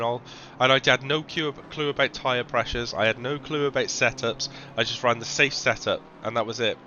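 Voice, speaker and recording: A man commentating a sim racing stream in a relaxed, chatty way, with lots of ums and restarts. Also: mid-range voice, normal speed, hardly any pauses, dull audio. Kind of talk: casual live-stream commentary. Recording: noticeable background noise.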